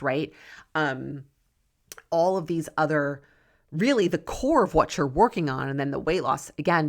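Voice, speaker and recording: Low-voiced woman coaching in a casual monologue. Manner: earnest, rambling, with frequent "right?" and "um". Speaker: podcast host and weight loss coach. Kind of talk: casual solo podcast monologue.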